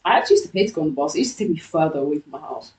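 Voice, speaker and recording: A young woman with an English accent, co-hosting a casual podcast chat, talking fast and slangy. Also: sits low, big pitch swings, a little mellow, echoey room, distant mic, rough recording. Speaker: podcast co-host.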